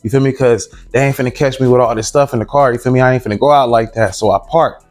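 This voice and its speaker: A man at a middle pitch tells a story in casual street slang, keeping his listener hooked with the same tag line and acting out what the others said. Faint music plays behind him. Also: quick pace. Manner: slangy, animated, acts out the voices of others. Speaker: interviewee.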